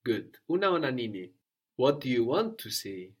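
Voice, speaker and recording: A man teaching a spoken language lesson at an even, middling pitch. He prompts his learner with questions, then repeats each answer back patiently and encouragingly. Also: moderate pace, breathy edge.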